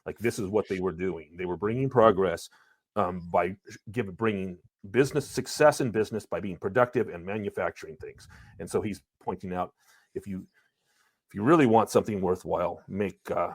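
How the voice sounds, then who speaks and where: A man's voice: low-pitched, a little fast, husky, no echo. A man on a podcast, casually explaining a passage and stressing key words. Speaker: podcast co-host. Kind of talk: casual book discussion.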